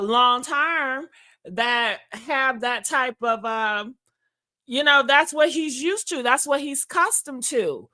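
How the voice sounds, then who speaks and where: Sassy, bright-voiced woman host. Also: fairly high pitch, slow. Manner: sassy, frank, laughs often, addresses listeners as girl and honey; swears freely. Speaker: podcast host. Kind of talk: casual storytelling chat.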